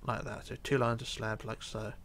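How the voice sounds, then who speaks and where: A tired man narrating a building tutorial, counting quietly under his breath as he works. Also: on the low side, moderate pace, slight background noise. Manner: relaxed, counting blocks under his breath, drops to near whisper. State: tired, yawning. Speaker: tutorial host. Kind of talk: casual game tutorial narration.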